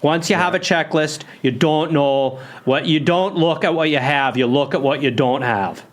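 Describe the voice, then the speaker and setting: A man's voice: a little high, moderate pace. A man in his forties, a comedy podcast host telling a story with jokes and quotes read aloud. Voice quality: animated, jokey, reads quotes aloud. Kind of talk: comic storytelling.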